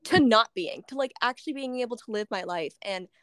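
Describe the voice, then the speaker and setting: A woman's voice: fairly high pitch, lively intonation, fairly quick, fairly bright tone, no room sound, studio quality. A woman hosting a podcast interview, chatty and emotional, laughing often as she shares her story. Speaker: podcast host. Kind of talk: casual interview chat.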